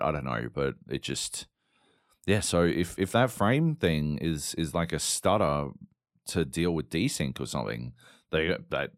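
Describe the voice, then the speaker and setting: A man with an extremely low voice hosts a solo gaming podcast, ranting casually about games with lots of swearing and filler words. He sounds exasperated and rambling, and the studio-quality recording has no echo.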